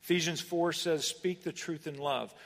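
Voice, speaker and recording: A male pastor preaching with a high, bright-edged voice. He drives points home with sudden emphatic rises and deliberate pauses. The sound carries a long reverb, like a church sanctuary. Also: steady tone. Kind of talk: sermon.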